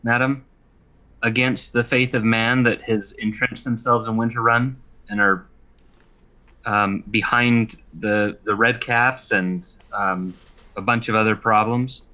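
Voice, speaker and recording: A man's voice: mid-range voice, steady tone, a little slow, bright, forceful tone. A man playing a tabletop game, speaking politely in character. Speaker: player. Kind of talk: tabletop role-play. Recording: dull lo-fi mic.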